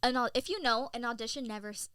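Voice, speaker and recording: Woman, 20s, podcast guest, animated storyteller, bright, slightly high. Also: clear, resonant tone, no echo, clean studio sound. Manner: animated storyteller, many "like"s and quick laughs. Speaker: model and content creator, guest. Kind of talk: casual interview chat.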